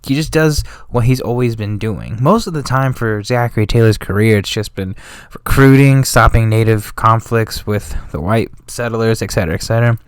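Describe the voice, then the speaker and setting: A man with a fairly low voice talks through history in a loose, slangy way, like a casual channel host. He rambles and often corrects himself mid-sentence. The recording is close and dry, with no room sound. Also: moderate pace, smooth, dry recording. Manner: slangy and offhand, drifting into street talk; rambling, with frequent self-corrections.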